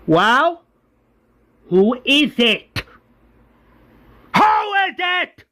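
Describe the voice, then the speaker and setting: A man's voice: high voice, lively intonation, slow pace. A man doing a raging, swearing militia boss. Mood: menacing. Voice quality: yelling, swearing. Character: furious ranting male militia leader.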